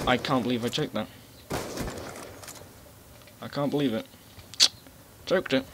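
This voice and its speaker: A man giving casual live commentary over his gameplay, rambling, swearing and breaking into loud outbursts. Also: mid-range voice, moderate pace, long pauses. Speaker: gaming commentator. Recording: game gunfire noise behind voice. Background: gunfire and explosions from the game.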